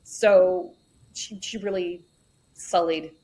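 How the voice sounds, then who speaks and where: A woman's voice: lowish voice, slow pace, mellow, poor audio. Frank woman telling her story. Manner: frank storytelling with wry asides. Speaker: podcast guest. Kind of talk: candid conversational interview.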